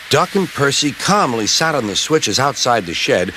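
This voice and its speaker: A man's voice: mid-range voice, big pitch swings, moderate pace, hardly any pauses, sharp tone, a little hiss or hum. A man narrating a children's storybook expressively, voicing the characters, with music behind. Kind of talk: storybook reading. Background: background music.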